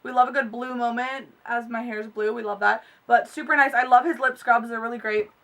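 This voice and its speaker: A young woman unboxing makeup in a vlog, gushing and excitable with gasps and squeals. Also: fairly high pitch, brisk, recorded from a distance. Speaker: beauty vlogger.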